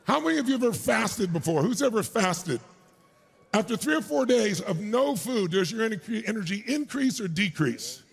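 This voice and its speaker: A middle-aged man speaking as a motivational speaker at a live keynote, loudly firing up the audience. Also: sits high, sing-song, normal speed, creaky, husky. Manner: loud, crowd-rousing, hype-driving, shouting bursts. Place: large conference stage before a live audience.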